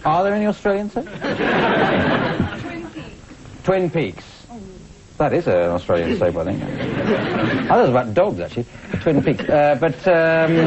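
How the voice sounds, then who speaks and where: A man's voice: on the high side, very noisy. Wry man hosting an improv show. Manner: dry, wry quips. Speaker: host. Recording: dull TV studio recording with audience.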